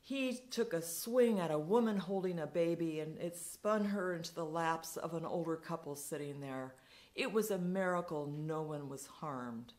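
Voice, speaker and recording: A woman telling a dramatic story in a measured, deliberate way. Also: low voice, darkish tone. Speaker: speaker. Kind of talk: storytelling talk.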